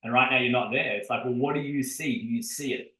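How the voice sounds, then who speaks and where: Podcast host, male, bright forceful tone, energetic storyteller, echoey room. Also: mid-range voice, fast talker. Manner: energetic storytelling, addresses listeners directly. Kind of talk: casual podcast chat. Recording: roomy echo.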